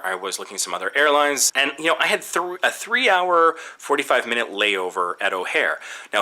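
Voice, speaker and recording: A man casually recounting a travel anecdote in an exasperated, animated storytelling manner. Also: mid-range voice.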